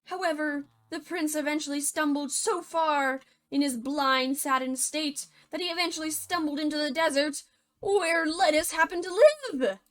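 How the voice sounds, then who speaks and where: A woman narrates a fairy tale as comedy, dropping sarcastic jokes in a bubbly, quick manner. Her voice is bright and sits slightly high. The delivery is playful storytelling. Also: steady tone. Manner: sarcastic, jokey asides, fast and bubbly.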